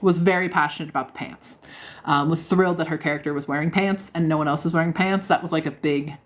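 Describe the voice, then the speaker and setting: A woman's voice: low voice, fairly even intonation, fast. A woman hosting a casual livestream, answering viewer questions in a bubbly, encouraging way and laughing often. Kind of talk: casual live chat.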